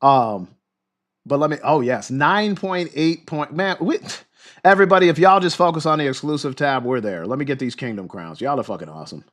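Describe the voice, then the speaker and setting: A man hosting a livestream who reads news aloud and reacts in a loud, fired-up, profane way, losing his voice. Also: mid-range voice, animated, fast talker. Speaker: livestream host. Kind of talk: livestream commentary and news reading.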